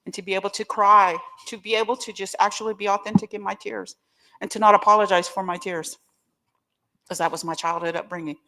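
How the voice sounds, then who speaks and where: A woman's voice: mid-range voice, steady tone, fairly quick, sharp tone. A middle-aged woman, giving a personal testimony as guest speaker at a recovery meeting, candid, emotional and joking, talking straight to the crowd. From Oklahoma.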